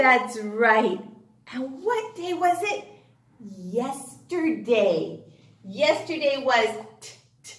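Animated sing-song woman teaching young children. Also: high-pitched, takes it slowly. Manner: animated, sing-song, answers her own questions. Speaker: phonics teacher. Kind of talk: online phonics lesson for young children. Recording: echoey room.

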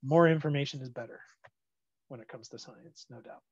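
A man's voice: mid-range voice, fairly quick, husky, no room sound, muffled recording. A man teaching a physics class over a video call, chatty and laid-back, with lots of fillers. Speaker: physics instructor. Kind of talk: casual online lecture.

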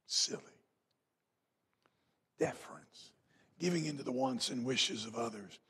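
A man preaching a revival sermon in a church, telling folksy stories and rising to loud emphatic peaks. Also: mid-range voice, a little fast, breathy edge. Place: church sanctuary.

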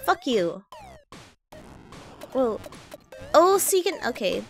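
Gravelly young woman streamer, swearing casually. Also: sits high, big pitch swings, takes it slowly, faint music behind. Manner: casual, swearing, reacting loudly. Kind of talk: live game commentary.

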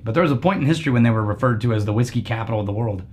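A man's voice: mid-range voice, animated, very fast, darkish tone. An American man hosting a whiskey tasting show, chatting casually and joking as he explains things at length.

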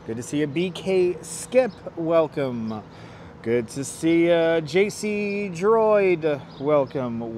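Walking outdoors beside a river on a city tour, a live-stream host from New York welcomes viewers individually in a relaxed, cheerful way. His voice is a little high with a darkish tone, picked up by a wireless clip-on mic with slight background noise.

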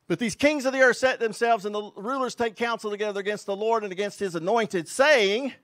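A man preaching a fiery, emphatic sermon as a pastor and quoting scripture forcefully. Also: high-pitched, normal speed, hardly any pauses, no echo.

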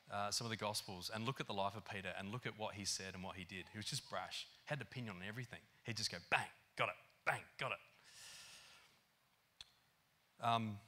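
A man preaching a sermon in an animated, conversational way, with lots of fillers. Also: fairly low pitch. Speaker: pastor. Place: church hall.

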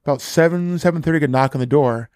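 A man in his fifties appears as a podcast guest, telling stories casually and with lots of animation, acting out other people's lines in shifting voices. His voice is a little high and fast, recorded with studio quality and no echo.

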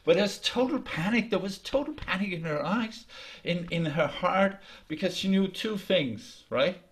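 Guy telling a folk tale over a video call, fairly high voice, lively and a bit halting. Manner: lively, halting with restarts, laughs along. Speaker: storyteller. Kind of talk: oral folk storytelling.

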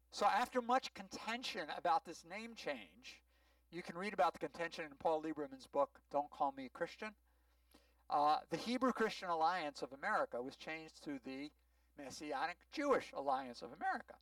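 A rabbi giving a sermon-style teaching, explaining words patiently and often checking whether the congregation follows. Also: male voice, on the high side, a bit bright, no room sound, distant mic, low-quality recording. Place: synagogue sanctuary.

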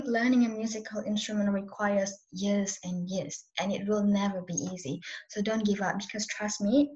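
Woman teaching violin. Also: fairly high pitch. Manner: mixes English with Indonesian, coaching. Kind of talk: live online workshop. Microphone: video call. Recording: dull video-call audio.

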